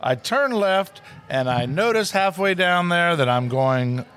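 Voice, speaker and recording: A man telling a story in casual chat, animated and acting out the people in it, recorded in a steakhouse booth. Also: high voice, unhurried, smooth.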